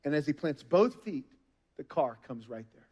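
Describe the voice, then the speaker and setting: High-voiced preacher man in a reverberant hall. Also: big pitch swings, moderate pace, darkish tone. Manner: storytelling, conversational with bursts of emphasis. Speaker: pastor. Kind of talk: sermon. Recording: long reverb of a large hall.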